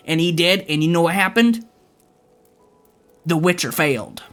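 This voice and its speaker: A man's voice: fairly high pitch, measured pace, pauses often, fairly bright tone, soft background music. A man livestreaming, ranting casually and profanely to his chat.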